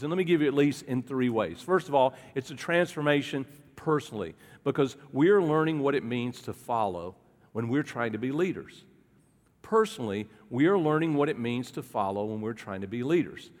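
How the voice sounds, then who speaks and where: A man preaches to his congregation in an easygoing, conversational way, stopping to ask the room questions. His voice sits at an ordinary middle pitch. A long reverb trails off the walls of the hall around him. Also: expressive, moderate pace. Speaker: pastor. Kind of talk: sermon.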